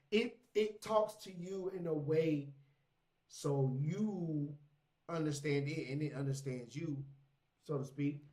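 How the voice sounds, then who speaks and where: A man livestreaming casual reaction commentary, loose and slangy, laughing often. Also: fairly high pitch. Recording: roomy echo.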